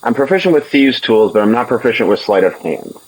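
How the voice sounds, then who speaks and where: A man's voice: medium pitch, very animated, fast talker, crowd noise, poor audio. A man playing a rogue in a tabletop game, hesitant and thinking aloud with many fillers. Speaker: player.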